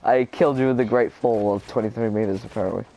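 A man's voice: lowish voice, fairly even intonation, quick pace, mellow, slight background noise, low-quality recording. A young man chatting and laughing with a friend while playing an online game. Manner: laughing, teasing banter. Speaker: gamer recording his gameplay. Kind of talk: casual gaming chat.

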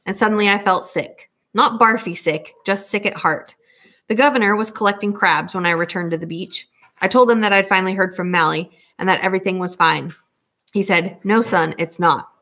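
A woman's voice: medium pitch, a little fast, a bit bright. A woman reading a novel aloud, narrating in a casual, conversational first-person way. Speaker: audiobook reader.

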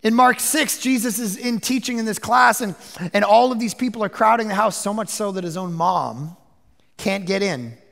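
Male pastor, sermon delivery, gravelly high voice, hush-to-shout swings, long hall reverb. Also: moderate pace. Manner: animated preaching, swings from hushed to shouting.

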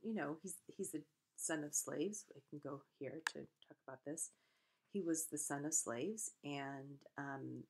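Low-voiced woman lecturing on literature. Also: gravelly. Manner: conversational, with self-corrections and fillers. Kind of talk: recorded lecture.

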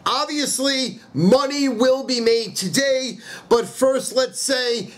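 A man, a sports handicapper doing a profane comic rant and a betting pitch. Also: takes it slowly. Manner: loud, profane, ranting.

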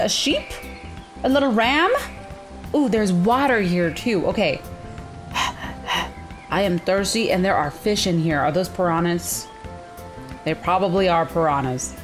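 Female let's-play host, excitable and squealy; unhurried delivery, very lively pitch. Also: faint music behind. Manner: excitable, squealing reactions, narrates her own moves. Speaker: gaming channel host. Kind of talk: let's-play game commentary.

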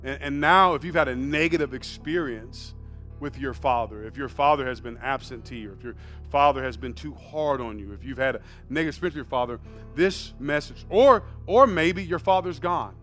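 An American man preaching a sermon as pastor, shifting from quiet conversational asides to loud shouted emphasis and often repeating words as he restarts phrases. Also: medium pitch, moderate pace, faint music behind. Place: church sanctuary.

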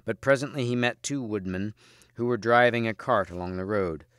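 A man, a teacher, reading a storybook aloud in steady, measured audiobook narration. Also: lowish voice, clean tone, dry recording, studio quality.

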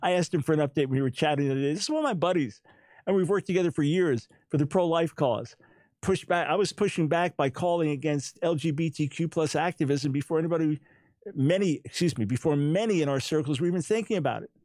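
A talk show host delivers an emphatic, incredulous monologue, often repeating words to drive his points home. His fairly high, slightly mellow voice moves fast, and he sounds like he's smiling, not taking it personally. There's no room sound.

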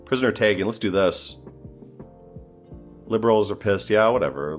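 A man's voice: on the low side, animated, moderate pace, faint music behind. A man giving casual, joking commentary while playing a strategy game, thinking aloud and sounding exasperated. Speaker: gameplay streamer.

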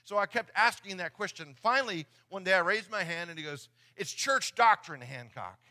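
A man's voice: high-pitched, fairly quick, pushed and bright. A middle-aged man preaching a sermon in church, earnest and often repeating his words as he talks. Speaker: pastor. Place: church sanctuary.

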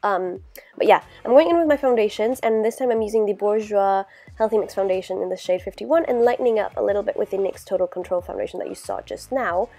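A woman's voice: medium pitch, expressive, fast, creaky, warm tone. A young woman with a congested, stuffy voice from a cold, chatting casually through a makeup tutorial with lots of "like" and "you know". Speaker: beauty vlogger.

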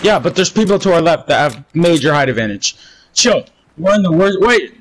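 Young man, gamer, bossy callouts, shushing teammates, lively pitch, faint gunfire. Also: brisk, a little hiss or hum. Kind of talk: live gameplay callouts.

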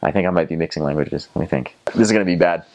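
A man's voice: low voice, racing, darkish tone. A young man from North Carolina with a Southern American accent, telling stories in a casual, rambling way with many fillers and restarts. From North Carolina, USA. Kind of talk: casual storytelling.

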